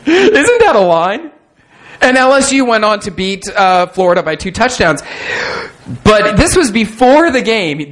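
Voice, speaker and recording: A man's voice: sits high, sing-song, unhurried, fairly bright tone, poor audio. A man preaching a sermon in a conversational, self-deprecating way, often restarting his sentences. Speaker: pastor.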